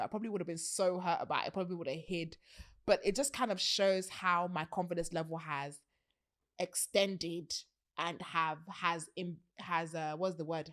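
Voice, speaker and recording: Animated young British woman hosting a podcast. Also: lowish voice. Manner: animated, laughs often, swears casually. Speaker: podcast host. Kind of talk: casual chat.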